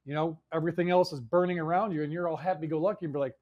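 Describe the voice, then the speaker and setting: A show host with a fairly high, steady voice talks rapid-fire at a live in-person event, standing before an audience in an indoor venue, and the audio sounds dull. He speaks casually and rambles, repeating words and swearing now and then.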